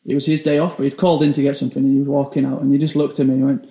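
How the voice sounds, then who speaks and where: A young British chef telling stories in a casual interview, rambling and filling every phrase with "like". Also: male voice, medium pitch, little pitch movement, very fast, dark tone, roomy sound. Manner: rambling, says 'like' constantly.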